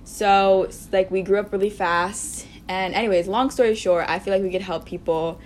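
A woman's voice: mid-range voice, fairly even intonation, moderate pace, a little hiss or hum. A teenage girl co-hosting a podcast, talking in a rambling, laid-back way full of "like" and "you know". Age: teens. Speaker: podcast co-host. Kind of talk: casual chat.

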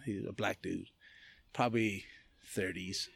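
A man from California, a podcast guest, telling a personal story in a loose, animated way and often laughing as he talks. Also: fairly low pitch, vocal fry, husky, no room sound. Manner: animated, acts out other people's lines in quick voices. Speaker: podcast guest, martial arts gym owner. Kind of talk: casual storytelling.

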